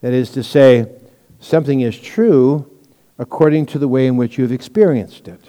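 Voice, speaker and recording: Pastor guy giving a chatty sermon, mellow warm voice, big echoey church hall. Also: mid-range voice, moderate pace. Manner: conversational, with anecdotes and asides. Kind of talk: sermon, Bible teaching.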